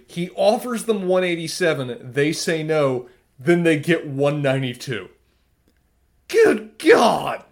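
A man's voice: fairly high pitch, sing-song, a little slow. A man co-hosting a podcast, analysing an episode in casual chat with frequent restarts. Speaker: podcast co-host.

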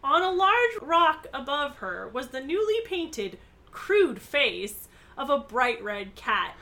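A woman with a bright, high-set voice hosts a relaxed podcast, recapping a book scene by scene. Her pitch swings widely, and she gives the quoted lines extra punch. She breaks into laughter easily. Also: takes it slowly. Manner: reads quoted lines with lively emphasis, laughs often. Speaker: podcast co-host. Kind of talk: casual book recap with commentary.

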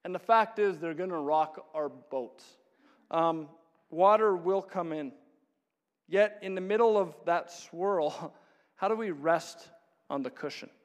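A pastor with a fairly high voice preaches slowly in a church hall, the recording carrying a long hall reverb. He tells stories, chuckling often and acting out the voices of other people.

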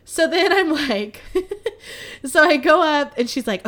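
A young woman hosting a podcast, telling a story in a casual, animated, self-mocking way with plenty of swearing. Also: sits high, unhurried. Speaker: podcast host.

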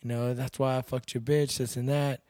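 A man's voice: mid-range voice, little pitch movement, moderate pace, mellow, dry recording, studio quality. A young man from Texas, a guest telling stories in a casual podcast chat, blunt and laid-back, swearing freely. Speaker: podcast guest, bouncer and MMA fighter.

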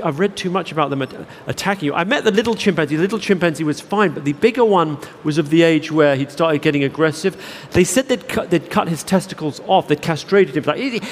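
A man telling a rambling, self-deprecating anecdote to a live audience as a keynote speaker, full of restarts. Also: a little high. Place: large theatre with audience. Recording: reverberant hall, faint background noise.

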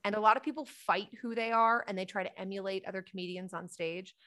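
Woman, comedian guest, bright tone, lively storyteller, casual podcast chat. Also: mid-range voice. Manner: animated storytelling, quick bursts.

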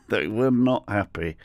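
A middle-aged Englishman with a deep, low voice, hosting a solo comedy podcast. He rambles through sweary, self-deprecating stories, and the sound is close and dry with no room around it. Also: a little mellow, no room sound. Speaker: podcast host.

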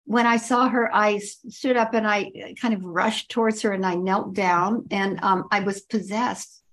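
An older woman appears as a podcast guest, recounting a personal story in vivid, repetitive detail and drawing out the words she emphasizes. Her mid-range voice is steady in tone and a bit bright.

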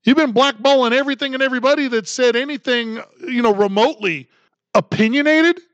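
A man's voice: extremely high pitch, brisk, fairly bright tone, dry recording, highs cut off. A man hosting a solo commentary podcast, talking in a sarcastic, ranting way. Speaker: podcast host.

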